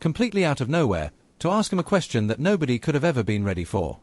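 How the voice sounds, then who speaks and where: Lively male voice-over narrator. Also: medium pitch, quick pace, no room sound. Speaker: compilation narrator.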